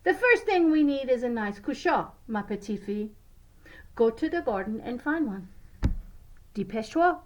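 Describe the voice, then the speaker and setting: A woman voicing a brisk fairy godmother who chants spells, in a storybook read-aloud. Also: a little high, very animated, a little hiss or hum.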